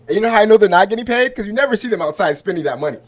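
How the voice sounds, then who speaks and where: A man with a high voice does stand-up at an open mic. He talks loosely and conversationally, checking in with the crowd again and again. He is heard on a handheld mic on a small club stage. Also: lively intonation, racing. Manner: conversational, asks crowd for agreement. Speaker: stand-up comedian.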